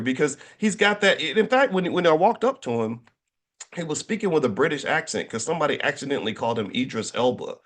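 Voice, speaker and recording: Animated middle-aged man, lively pitch. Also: fairly quick. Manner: animated, joking storyteller with many restarts. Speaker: finance educator and speaker. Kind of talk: casual talk to an audience.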